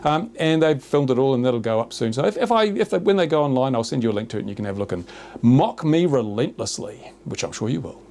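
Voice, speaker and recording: A man's voice: medium pitch, lively intonation, fast talker, creaky, a little mellow. A man from New Zealand with a New Zealand accent, a YouTuber hosting a casual chat, sarcastic and exaggerated as he rants. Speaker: YouTuber host. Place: small rural workshop studio.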